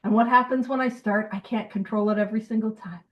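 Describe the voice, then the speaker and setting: A woman's voice: medium pitch, fairly even intonation, fast talker, distant mic, dull audio. A woman co-hosting a recovery book study group in casual, digressive, self-deprecating talk over a video call.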